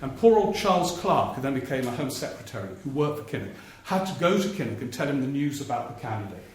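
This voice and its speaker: A man's voice: medium pitch, very animated, fast. Man telling stories on stage. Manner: storytelling, acts out politicians' voices for laughs. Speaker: political journalist performing on stage. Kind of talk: live one-man stage talk with anecdotes. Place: theatre stage before a live audience. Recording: very echoey live theatre recording, faint noise. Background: audience laughter.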